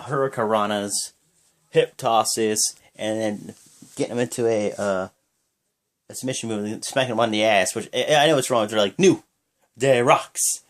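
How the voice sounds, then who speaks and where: A man gives a casual, rambling play-by-play recap of a wrestling show. He links events with "and then" and "pretty much" and jumps into higher bursts on the big moves.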